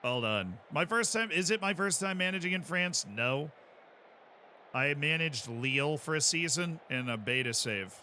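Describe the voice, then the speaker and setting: Male streamer, upbeat, piercing bright tone, slightly high, live game commentary. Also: normal speed, a little hiss or hum. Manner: excitable, chatty, cheers on plays.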